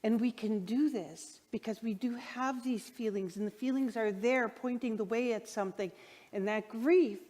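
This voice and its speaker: A woman's voice: a little high, a little mellow. A middle-aged woman minister giving a heartfelt, conversational sermon, often putting questions to the congregation. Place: church sanctuary. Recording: long hall reverb in a sanctuary.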